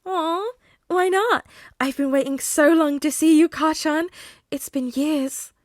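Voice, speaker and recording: A woman's voice: high voice, slow pace, no echo, clean studio sound, pitched above the performer's own voice. A woman voicing an unhinged, teasing villainous teenage boy in a fan audiobook reading. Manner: sing-song, teasing, unsettling.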